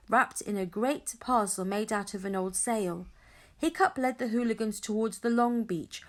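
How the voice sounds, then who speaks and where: Woman reading a children's story aloud. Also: a little high. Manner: expressive, dramatic storytelling. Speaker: audiobook reader. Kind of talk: children's read-aloud narration.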